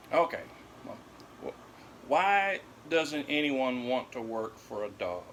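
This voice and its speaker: An older man reading out corny dog puns at home, unhurried, laughing at each punchline and walking through why it's funny. His voice is bright and it swings lively up and down. A faint hum of room ambience sits under it. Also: high-pitched. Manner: chuckles at his own puns and explains them. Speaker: amateur comedian telling jokes to his dogs. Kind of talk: corny joke routine.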